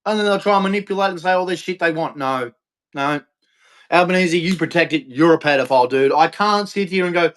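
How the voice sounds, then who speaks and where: A man rants furiously into a live stream, his voice sitting unusually high for a man. He swears constantly and keeps circling back to the same accusations with blunt, hammering repetition. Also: fast, fairly bright tone. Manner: angry, profane, repetitive ranting.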